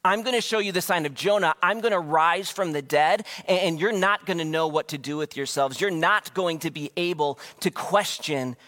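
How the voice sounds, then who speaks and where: A preacher voicing an exasperated Jesus. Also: male voice, on the high side, normal speed, hardly any pauses, bright, forceful tone. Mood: challenging. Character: exasperated Jesus scolding his followers.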